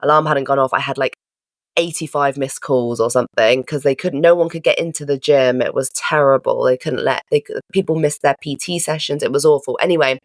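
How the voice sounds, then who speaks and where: A woman's voice: very deep voice, brisk, no echo, studio quality. A young woman, co-hosting a podcast and telling stories in a rambling, giggly, casual way. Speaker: podcast co-host. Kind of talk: casual chat.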